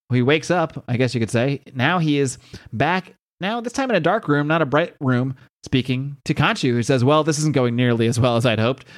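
Guy on a podcast going through a comic, chatty and into it, middle pitch. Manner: enthusiastic, chatty, reads dialogue aloud. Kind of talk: casual comic book recap.

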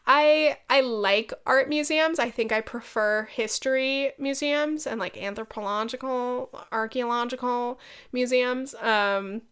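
A woman's voice: a little high, a little slow, fairly bright tone, clean tone. A young woman hosting a solo podcast, chatting casually with lots of fillers, swearing and laughing often. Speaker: podcast host.

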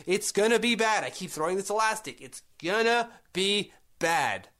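A man's voice: high-pitched, lively intonation, moderate pace, pushed and bright. A man co-hosting a casual sports podcast, arguing his points and getting worked up in exasperated rants. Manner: argumentative, rising to exasperated rants. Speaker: podcast co-host.

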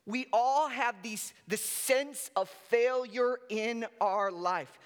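A man's voice: extremely high pitch, takes it slowly, clear, resonant tone. A male pastor preaching a sermon, conversational and quizzing his listeners. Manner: conversational, asks the congregation questions. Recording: long hall reverb.

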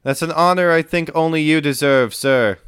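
Boy sailor, eager and shy, high and bright, voiced by a man. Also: normal speed, clear, resonant tone, lightly acted.

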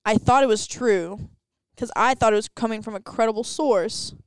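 Teenage girl, podcast co-host, rambling chatty stories, high-ish voice, clean dry sound. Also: moderate pace, clean tone, no room sound. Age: teens. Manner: rambling, animated storytelling with put-on voices. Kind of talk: casual chat. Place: classroom.

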